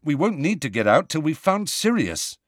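A man reading aloud voices a determined teenage boy who speaks forcefully and urgently. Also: mid-range voice, sing-song, moderate pace, no room sound, studio quality.

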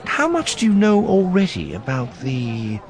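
A man's voice: mid-range voice, huge pitch swings, measured pace, a crowd in the background, pitched above the performer's own voice. A man voicing a curious, teasing young woman companion.

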